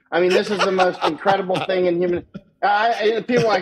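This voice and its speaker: A man's voice: sits high, steady tone, fairly quick, poor audio. A man speaking as an interview guest, emphatic and full of repeats, laughing now and then at his own lines. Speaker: war correspondent guest. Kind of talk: casual interview talk.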